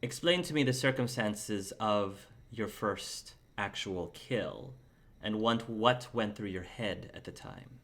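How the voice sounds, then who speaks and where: A man's voice: lowish voice, slow, fairly bright tone. A man voicing a courteous, genteel male interviewer who asks probing questions in polite, formal phrases.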